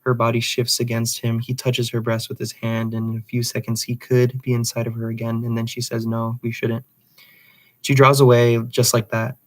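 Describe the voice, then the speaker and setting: A man's voice: mid-range voice, monotone, fairly quick, few pauses. A man reading a literary novel aloud, with occasional slips and restarts. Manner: reads dialogue plainly, with slips and restarts. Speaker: reader.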